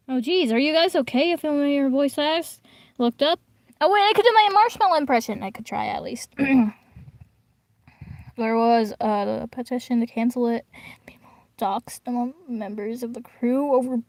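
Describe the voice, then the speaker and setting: A woman's voice: fairly high pitch, normal speed, darkish tone, no echo. A young woman casually reading a fan story aloud, often breaking off to make slangy, chatty comments. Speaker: reader.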